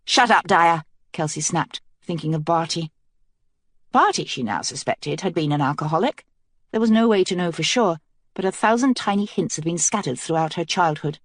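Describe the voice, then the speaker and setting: A woman reads the narration of an epic fantasy audiobook in a measured, steady voice. Her voice sits somewhat low for a woman. The studio sound is dry and close, with no room echo.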